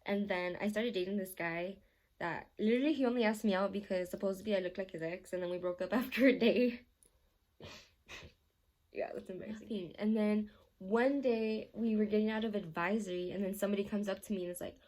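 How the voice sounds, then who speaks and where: A young woman vlogger tells a story during a casual Q&A, her medium-pitched voice moving fairly quickly. She rambles, swears often, and fills her speech with filler words, staying animated and laughing as she goes.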